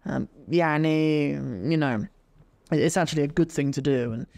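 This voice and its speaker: A man's voice: a little high, moderate pace, creaky. Chatty man teaching Arabic. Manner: relaxed, chatty, with frequent fillers and self-corrections. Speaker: Arabic teacher and podcast host. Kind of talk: casual podcast lesson.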